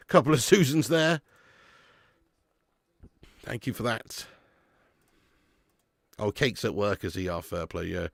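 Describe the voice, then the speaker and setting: Excitable lad. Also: male voice, on the low side, slow pace, vocal fry, pauses often, dry recording, studio quality. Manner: excitable, banter-heavy, calls viewers mate and lad. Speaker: fan channel host doing a live match watch-along. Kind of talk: casual live-stream commentary and chat.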